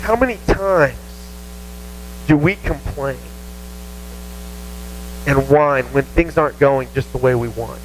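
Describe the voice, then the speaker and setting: A man with a Southern American accent preaching a casual, animated sermon to a youth group, poking fun at himself. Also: mid-range voice, slow, long pauses, a little hiss or hum, rough recording. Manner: animated, self-mocking, acts out whiny voices. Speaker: youth pastor. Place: church youth room.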